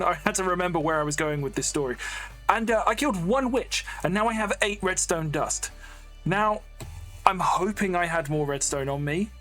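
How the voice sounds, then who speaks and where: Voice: medium pitch, fairly bright tone. A YouTuber with an English accent gives casual, rambling gameplay commentary at home, full of fillers and self-mocking asides. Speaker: Minecraft YouTuber. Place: home room with a fan running.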